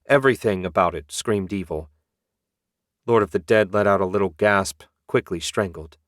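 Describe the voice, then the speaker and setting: Low-voiced man narrating an audiobook. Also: normal speed, dry recording, clean studio sound.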